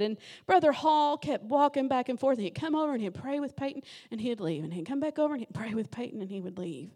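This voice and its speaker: A middle-aged woman preaching a Pentecostal sermon in a church, impassioned and rising to shouts. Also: sits high, normal speed. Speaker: guest preacher. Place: church sanctuary.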